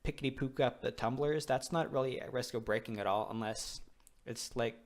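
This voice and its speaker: Young male let's player, mid-pitched, rambling and casual, cusses a lot. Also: brisk. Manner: rambling, loose, swears casually. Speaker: let's play host. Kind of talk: casual gameplay commentary.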